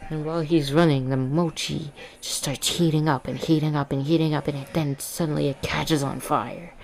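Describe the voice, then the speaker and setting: Low-voiced woman rambling through a story. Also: a little mellow. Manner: rambling, jokey, self-correcting. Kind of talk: casual fan-fiction retelling.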